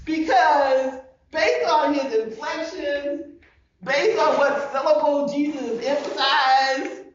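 A woman's voice: high voice, takes it slowly, lo-fi sound, slight background noise. A woman pastor preaching a sermon, emphatic and full of rhetorical questions, recorded from a distance in a large church hall.

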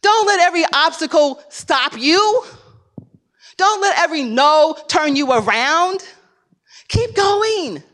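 A woman's voice: very high voice, lively intonation, takes it slowly, fairly bright tone. A woman preacher delivering a sermon with emphatic, repetitive exhortations.

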